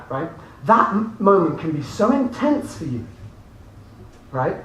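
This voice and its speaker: A man giving a lively motivational seminar talk to a live audience, often laughing and asking the room questions. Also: high-pitched. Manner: animated, laughing, addresses audience directly. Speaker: motivational speaker. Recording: echoey room from far off, faint noise.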